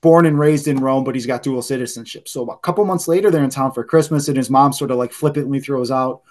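A man telling loose, animated stories in casual podcast chat, swearing freely and saying "like" a lot. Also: mid-range voice, quick pace. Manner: loose, profane, heavy use of "like"; animated anecdote teller. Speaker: podcast guest.

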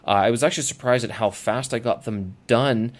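A man's voice: mid-range voice, brisk. A man hosting a casual solo audio blog, talking off the cuff with lots of fillers and restarts. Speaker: podcast host. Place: lives abroad as an expat.

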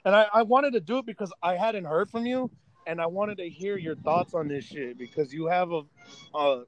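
Casual, swearing young podcast host. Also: male voice, high-pitched, moderate pace. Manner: laid-back, swears a lot, calls his friend bro. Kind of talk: casual chat.

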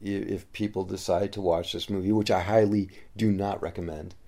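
A man's voice: low voice, fairly even intonation, moderate pace, dark tone. A man hosting a casual movie review chat, speaking in a dry, critical way, often stammering and restarting. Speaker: podcast host.

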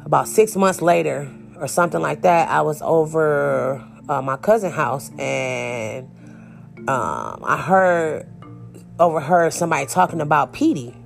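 Gravelly-voiced woman telling a candid story. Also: deep voice, a little slow, faint music behind. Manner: candid and emphatic, talks straight to the viewers. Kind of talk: casual storytime monologue.

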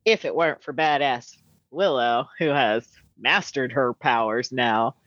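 A woman's voice: very deep voice, measured pace, a bit bright, no room sound, muffled recording. A woman co-hosting a casual podcast, joking and laughing as she recaps a TV episode and playfully quotes characters. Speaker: podcast co-host.

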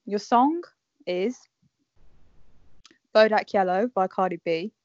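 A woman's voice: medium pitch, slow, dry recording, highs cut off. Teasing woman running a podcast game. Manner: bossy, teasing, cheering others on. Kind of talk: casual podcast chat.

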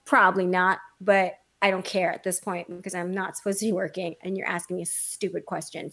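A woman on a casual podcast chat, blunt and profane, telling animated stories about her employees. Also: on the high side. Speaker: podcast co-host, salon owner.

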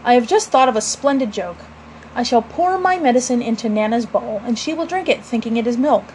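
A woman's voice: fairly high pitch, lively intonation, brisk, darkish tone, slight background noise, lightly acted, low-quality recording. A woman voicing a proud, blustering middle-aged father who talks pompously and indignantly.

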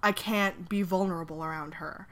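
A woman voicing a haggard, tired young man who hides his feelings and talks in a halting, defensive way. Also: lowish voice, steady tone, pitched below the performer's own voice, natural voice. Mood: guarded.

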